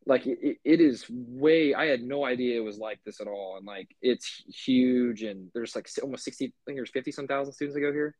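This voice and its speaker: A man's voice: medium pitch, fairly quick, hardly any pauses, a little mellow, no echo. A young man co-hosting a podcast, telling a story in a loose, rambling way with lots of "like" and swearing. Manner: rambling, swears a lot, many fillers. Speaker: podcast co-host. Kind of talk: casual chat.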